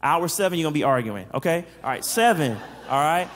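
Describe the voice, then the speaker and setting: High-voiced man teaching in an echoing hall. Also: fairly quick, slight background noise. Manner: animated, checks in with the audience, acts out quotes. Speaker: psychologist giving a faith-based talk. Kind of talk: interactive teaching talk.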